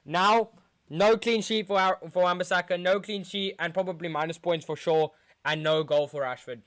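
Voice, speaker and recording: A man's voice: sits high, steady tone, moderate pace, a bit bright. A young man from England streaming a football watchalong, groaning and sighing in dejection as he talks to his chat. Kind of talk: live football watchalong reaction.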